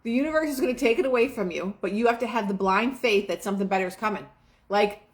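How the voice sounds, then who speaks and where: A woman's voice: mid-range voice, fast talker. A young adult woman hosting a casual motivational talk, chatty and full of fillers, acting out quoted asides. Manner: chatty, filler-heavy, quotes herself and others in lively asides. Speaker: manifestation show host.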